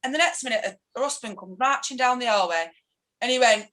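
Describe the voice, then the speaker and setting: Mancunian woman activist, fiery and chatty, slightly high-pitched. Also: fairly bright tone, rough recording. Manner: passionate, ranting, quick to mimic others. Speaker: activist guest. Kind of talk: casual political interview.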